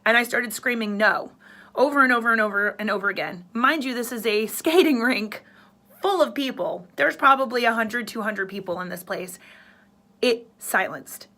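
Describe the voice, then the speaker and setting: A woman's voice: fairly high pitch, normal speed, bright, forceful tone. A woman in her thirties, a radio host, telling a personal story in an earnest, emotional way.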